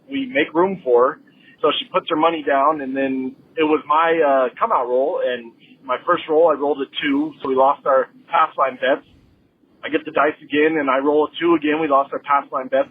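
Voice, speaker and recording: A man phones in over a thin, tinny line, his voice sitting a bit high. He tells a long story at an easy pace and acts out the other people in it. A faint hiss runs behind the call. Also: normal speed. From Las Vegas. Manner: storytelling, mimics a rude woman. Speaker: caller.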